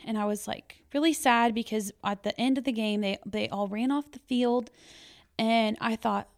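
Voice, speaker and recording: Gravelly-voiced woman telling stories. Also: fairly high pitch, fairly even intonation, moderate pace. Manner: storytelling, acts out children's voices and her own past words. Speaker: guest, former school educator. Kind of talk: casual podcast conversation.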